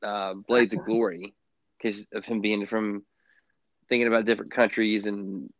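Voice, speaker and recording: Low, muffled man in casual chat. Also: flat delivery, no echo. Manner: rambling, halting, many restarts. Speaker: sports podcast co-host. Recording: dull, muffled lo-fi sound.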